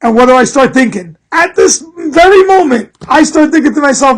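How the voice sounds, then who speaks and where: A middle-aged man hosting a podcast, telling an animated, profane story and laughing through it. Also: very high voice, moderate pace, hardly any pauses. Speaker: podcast host. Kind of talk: casual storytelling.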